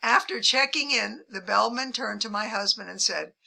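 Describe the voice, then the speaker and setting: An older woman, a travel vlogger, telling amused anecdotes to the camera in a measured way and lifting her pitch when she quotes people. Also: vocal fry, pushed and bright.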